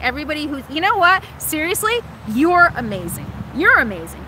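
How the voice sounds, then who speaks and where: A woman's voice: sits high, very animated, normal speed, bright, forceful tone, a little hiss or hum, low-quality recording. A middle-aged woman hosting a casual livestream from her RV, chatting and reading viewer comments, laughing often and poking fun at herself, with sinus trouble from allergies. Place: in an RV in Alaska.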